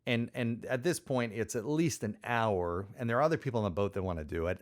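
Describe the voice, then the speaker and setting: A man's voice: medium pitch, lively intonation, fairly quick, hardly any pauses. A middle-aged man hosting a podcast, telling a personal story in a conversational way with lots of fillers and acted-out quotes. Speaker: podcast host.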